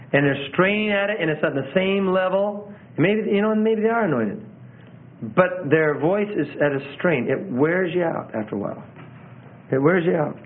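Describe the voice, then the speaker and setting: A man teaching about sermon delivery in a conversational way, often repeating phrases and correcting himself. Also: fairly high pitch. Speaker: preaching instructor. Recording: tinny phone-like audio.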